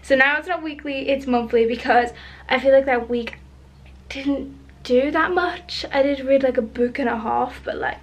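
A woman's voice: high voice, moderate pace. A woman chatting in a bubbly, rambling way as a book vlogger. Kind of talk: chatty vlog.

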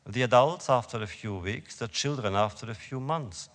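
A man's voice: medium pitch, fairly bright tone. Solemn man reading in a reverberant hall. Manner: slow, measured, solemn delivery. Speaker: author reading his own work. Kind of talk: reading prose to a live audience.

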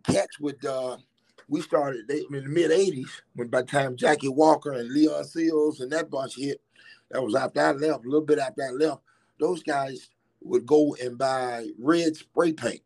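Husky-voiced man telling old stories. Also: mid-range voice, moderate pace, low-quality recording. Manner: rambling, animated recollection with restarts. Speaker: former player interviewee. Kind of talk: casual storytelling.

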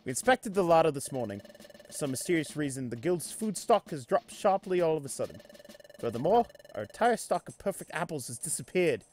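A man's voice: a little high, sing-song, brisk, darkish tone, slight background noise. A man putting on a prim British-accented bird steward. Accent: put-on British. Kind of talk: reading game dialogue aloud.

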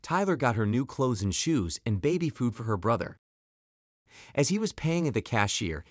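Brief: male storytime narrator, animated pitch, dramatic and expressive, dry recording. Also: no echo.

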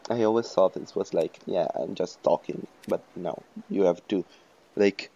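A man rambling through casual game commentary, swearing and joking at himself, his voice hoarse. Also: deep voice, unhurried, warm tone, dull audio. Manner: rambling, profane, self-mocking. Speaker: let's play host.

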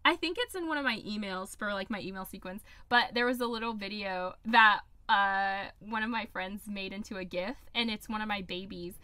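A woman's voice: medium pitch, moderate pace, hardly any pauses, bright, forceful tone, no echo. Bubbly, laughing woman in casual chat. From Washington state. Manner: bubbly, laughs often, acts out kids' voices. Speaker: podcast co-host, nanny.

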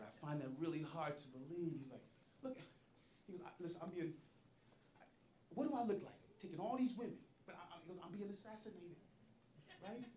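A man's voice: high-pitched, pushed and bright. A man doing a stand-up comedy set, acting out quotes and laughing often as he tells the story. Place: comedy club stage. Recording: echoey club with audience. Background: crowd laughing.

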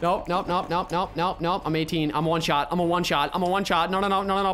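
Hyped young dude doing game commentary, highish voice, bright and sharp, yells a lot. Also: male voice, very fast, hardly any pauses, faint music behind. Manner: excitable, swings from mutters to shouts. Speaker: gaming YouTuber. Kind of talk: gameplay commentary.

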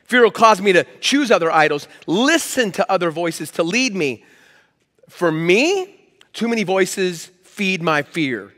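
A man's voice: high-pitched, big pitch swings, measured pace, a bit bright, big-room sound. A man preaching a sermon as pastor, in a conversational, emphatic way. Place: church hall.

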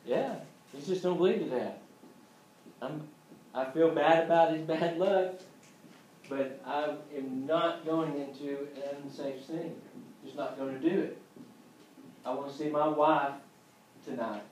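A man's voice: fairly high pitch, a little slow, pauses often, a little mellow, echoey room, slight background noise, rough recording. A man teaching an EMT class in a casual lecture style, joking and acting out scenes as he goes. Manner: joking, acts out scenes with voices. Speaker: EMT instructor.

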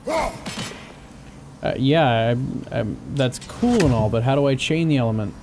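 A man's voice: mid-range voice, moderate pace, background noise. A young man giving casual let's-play commentary, trash-talking enemies with lots of swearing and joking asides. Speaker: gaming channel host. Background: game music and combat sounds.

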